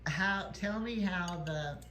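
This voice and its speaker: A woman chatting in her home kitchen, curious and gently bossy, asking many questions. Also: on the low side, slow pace, a crowd in the background. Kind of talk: casual kitchen chat.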